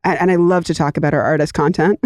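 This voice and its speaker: A woman from Canada co-hosting a parenting podcast, joking and rambling through fast asides. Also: deep voice, fairly even intonation, darkish tone, no echo, clean studio sound. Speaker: podcast co-host. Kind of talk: casual comedic chat.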